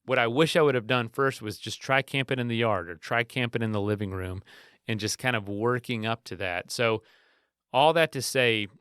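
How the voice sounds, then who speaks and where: A man in his thirties hosts his podcast, chatting through a story in a relaxed, rambling way. His voice is bright and forceful, smooth and resonant, and it is recorded dry and close with no room echo. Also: mid-range voice, normal speed. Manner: relaxed, rambling with frequent restarts. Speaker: podcast host. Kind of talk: casual storytelling monologue.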